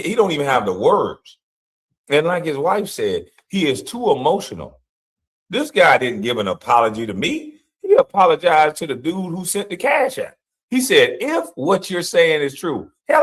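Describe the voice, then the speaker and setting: A man's voice: a little high, a bit bright. A man giving heated, blunt commentary in a ranting, mocking way.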